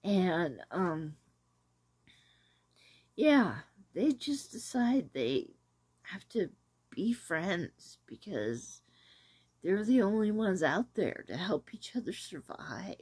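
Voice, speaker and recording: A woman hosting a casual talk about an old film, rambling and hesitant with many pauses. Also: fairly low pitch, very animated, a little mellow, slightly rough, dry recording. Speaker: host reviewing an 80s film. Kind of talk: casual chat.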